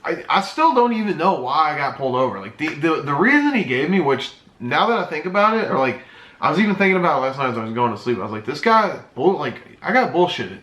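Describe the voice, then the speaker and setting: A man's voice: a little high, sing-song, fast talker, sharp tone. A man in his twenties telling a casual, rambling story time with plenty of swearing, recorded in an echoey room. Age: 20s. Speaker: YouTuber and streamer.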